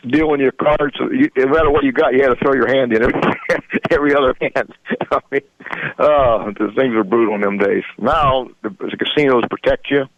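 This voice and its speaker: A man's voice: mid-range voice, brisk, lo-fi sound. A man in his sixties, a radio show guest, telling rambling stories in folksy grammar and chuckling often. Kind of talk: casual storytelling.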